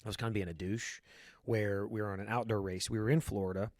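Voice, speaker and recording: A man's voice: fairly low pitch, little pitch movement, quick pace, a little mellow, dry recording, clean studio sound. A man hosting a podcast in casual chat, blunt and full of swearing, often repeating words as he starts a thought. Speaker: podcast host.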